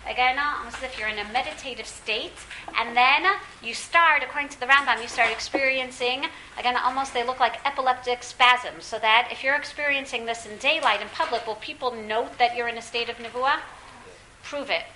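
Bright, high-voiced woman teaching a class. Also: brisk, echoey room, a little hiss or hum, rough recording. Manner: lively, questioning, calls on students. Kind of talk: classroom Bible lesson.

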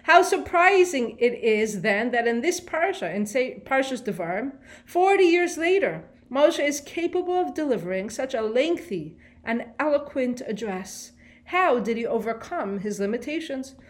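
A woman's voice: sits high, very animated, moderate pace. A woman giving a Torah lesson on the weekly portion. She asks rhetorical questions and translates Hebrew phrases line by line. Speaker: Torah teacher.

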